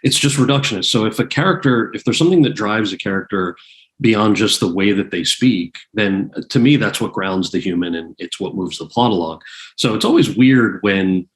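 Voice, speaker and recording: A man's voice: on the low side, normal speed. A man in his forties, guest on an interview podcast, telling stories and acting out quotes in a raised voice. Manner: animated storyteller, acts out quotes in raised voice; many restarts and fillers. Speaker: guest actor and author. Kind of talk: casual interview chat.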